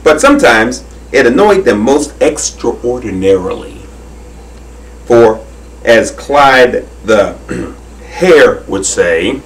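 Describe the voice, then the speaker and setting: A man's voice: mid-range voice, big pitch swings. A man reading a children's story aloud in a leisurely way, drawing out his phrases, heard from a distance. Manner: unhurried, with leisurely drawn-out phrasing.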